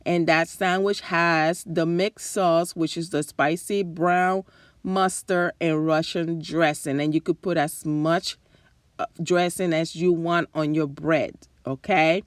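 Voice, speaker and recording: A woman's voice: low voice, steady tone, slow, no room sound, clean studio sound. A woman from the New Jersey and New York area hosting a casual cooking demonstration in her kitchen, chatty and enthusiastic, talking straight to her viewers while she is losing her voice. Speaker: cooking channel host. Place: home kitchen at the stove.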